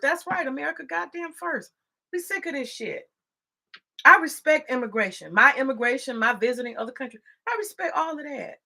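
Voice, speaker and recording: Woman going off on a heated rant, cussing, keeps repeating herself, sharp tense voice. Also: high voice, lively intonation, moderate pace, vocal fry. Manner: heated, profane, worked up; repetitive, scolding. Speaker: political commentator. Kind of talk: casual ranting monologue.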